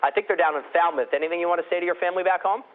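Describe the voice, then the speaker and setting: A man's voice: high-pitched, very fast. A man interviewing from a TV station, asking friendly questions in an upbeat way. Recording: tinny phone-like line.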